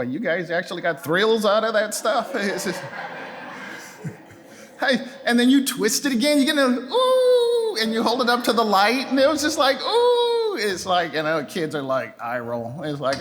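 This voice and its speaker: An older man preaching a sermon in a church sanctuary, his voice fairly high for a man. His delivery is loose and conversational, and he slips into playful acted-out voices. A long reverb from the hall trails after his words. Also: normal speed. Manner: conversational and animated, acting out voices with pitch jumps. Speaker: pastor.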